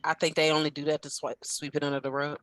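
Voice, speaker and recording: A woman's voice: low-pitched, little pitch movement, fast, no echo. A woman co-hosting a podcast, talking in an impassioned, emphatic way in casual chat. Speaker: podcast co-host.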